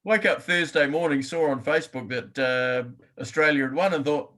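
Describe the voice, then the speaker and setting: A man's voice: on the high side, normal speed, sharp tone. A man co-hosting a sports podcast, with a dry, understated manner in casual chat. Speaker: podcast co-host.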